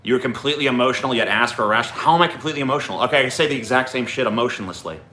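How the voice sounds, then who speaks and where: A man's voice: mid-range voice, rapid-fire, sharp tone, a little hiss or hum. A man hosting a livestream, ranting profanely and combatively at his chat. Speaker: livestream host.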